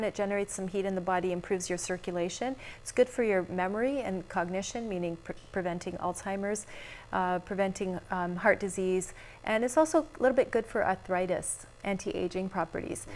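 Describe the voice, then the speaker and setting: A woman doctor giving calm, practical health advice in a casual TV chat, laughing easily. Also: medium pitch. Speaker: physician guest. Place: TV studio.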